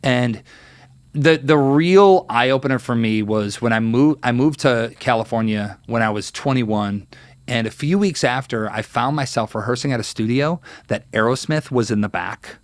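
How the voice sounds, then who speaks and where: A man in his thirties, a guest guitarist telling stories in a casual interview, lively and acting out quotes, with many fillers. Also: medium pitch, moderate pace, dry recording.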